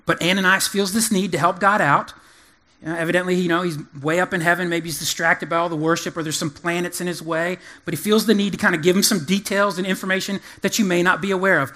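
A high-pitched male pastor preaches with animated emphasis, breaking up scripture with folksy asides. His voice pushes up in pitch and volume when he drives a point home. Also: brisk. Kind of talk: sermon.

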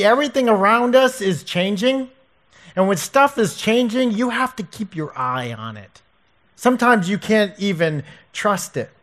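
A man's voice: high-pitched, a bit bright. A man, a pastor, preaching earnestly and emphatically from scripture. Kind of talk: sermon.

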